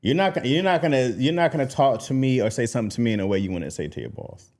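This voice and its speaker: Male podcast co-host, emphatic and insistent, lively swinging delivery for a casual debate. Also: mid-range voice, rapid-fire. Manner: emphatic, insistent, often laughing.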